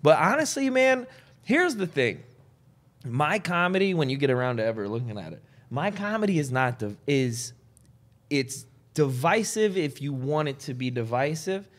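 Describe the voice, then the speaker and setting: A young man from Chicago, a comedian guest on a podcast, telling a story in a loose, profane, animated way. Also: a little high, moderate pace. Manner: animated, profane, acts out voices in his stories.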